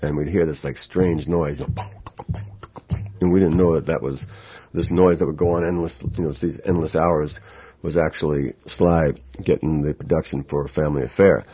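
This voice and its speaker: Husky low-voiced man telling a story. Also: moderate pace. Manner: animated storyteller acting out quotes, laughing. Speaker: musician guest. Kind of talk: casual interview anecdote.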